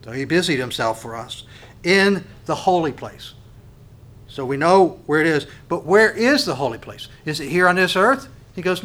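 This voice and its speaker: A man preaching a sermon, swinging between loud emphatic rises and quiet, slow phrases, often restarting and repeating words as he goes. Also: on the high side, big pitch swings. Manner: restarts and repeats words while thinking aloud.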